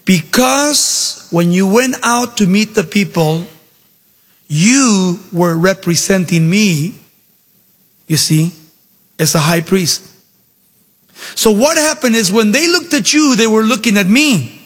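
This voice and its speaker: A man's voice: high voice, slow pace, pauses often. A man voicing God as a patient, firm male deity who corrects his servant with fatherly, reproving questions, in a hall with a long reverb. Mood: earnest.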